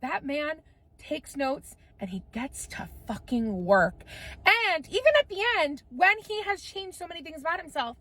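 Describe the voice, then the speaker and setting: A woman's voice: high-pitched, big pitch swings, normal speed, a bit bright, dry recording. A young woman chatting casually to camera, gushing and playful, swearing freely as she talks. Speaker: content creator. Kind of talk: casual chat.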